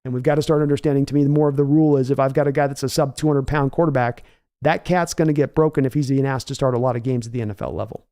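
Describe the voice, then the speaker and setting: A man's voice: mid-range voice, steady tone, racing, warm tone. A man hosting a casual live-stream sports show, reading viewer comments aloud and answering them in a conversational, folksy way. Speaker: podcast host reading chat.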